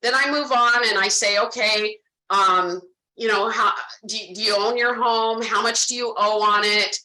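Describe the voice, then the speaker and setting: A woman's voice: mid-range voice, fairly even intonation, measured pace, bright, forceful tone, reverberant, low-quality recording. A woman training insurance salespeople, speaking animatedly and directly to her audience and acting out her conversations with clients. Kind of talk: sales training talk with role-played client dialogue.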